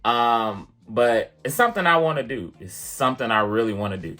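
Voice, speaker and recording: A man vlogging, chatty and animated as he tells a personal story to the camera, full of casual fillers. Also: mid-range voice, a little fast. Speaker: vlogger and piano teacher.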